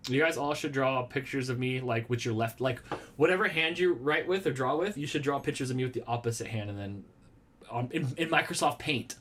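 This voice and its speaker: A man's voice: mid-range voice, a bit bright. Chatty man rambling on a live stream. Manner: chatty, rambling and playful, jokes about himself. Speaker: vlogger hosting a live stream. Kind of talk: casual live-stream chat, answering viewer comments. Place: small room at home with a red wall and lava lamps.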